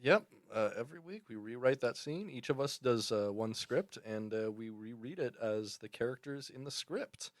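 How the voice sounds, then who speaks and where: A young man co-hosting a podcast, talking in a low-key, dry way with many fillers. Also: expressive, moderate pace, few pauses, no room sound. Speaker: podcast co-host. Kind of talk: casual chat.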